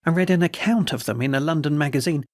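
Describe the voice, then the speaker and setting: A man reading a classic story aloud as an audiobook narrator, in a measured, literary manner. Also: fairly high pitch, darkish tone, no echo, studio quality.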